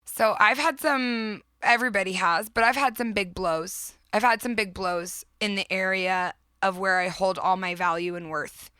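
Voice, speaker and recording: Woman host, thirties, bright dry close sound, earnest and emphatic motivational talk. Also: medium pitch, normal speed, few pauses, clean tone, no echo. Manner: earnest, emphatic, often laughing. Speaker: podcast host.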